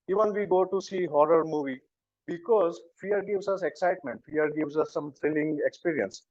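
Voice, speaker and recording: A man in his fifties with an Indian English accent, his voice sitting a little high. He tells wry, anecdotal stories in a prepared club speech. The recording is muffled and dry. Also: a little mellow, no echo. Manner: anecdotal storytelling with wry humor. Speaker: club meeting speaker.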